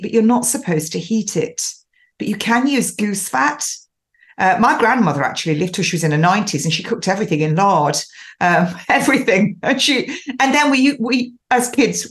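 A woman in her fifties hosting a show, giving chatty, instructive advice in a casual monologue. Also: medium pitch. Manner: chatty, instructive, laughs now and then. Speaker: show host.

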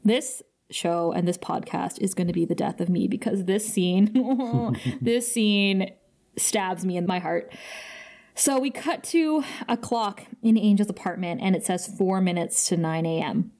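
Expressive woman podcast host recapping. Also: medium pitch. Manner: gushing, expressive, quick bursts. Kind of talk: emotional episode recap.

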